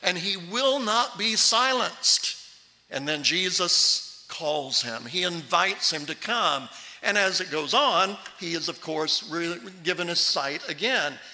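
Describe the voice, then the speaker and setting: Male pastor, high bright voice, lively sermon delivery, hall echo. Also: takes it slowly. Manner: animated, acts out the Bible voices.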